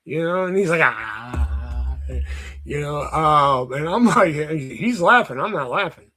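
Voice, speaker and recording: A man's voice: high-pitched, animated, normal speed, bright, forceful tone. A young man telling a rambling, profane story in a casual vlog, with lots of fillers. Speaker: vlogger.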